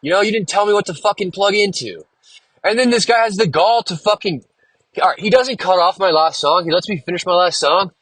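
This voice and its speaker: A man's voice: high voice, fairly quick, a bit bright, husky, no room sound. A man hosting a solo podcast, rambling casually and venting with a lot of swearing. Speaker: podcast host and musician.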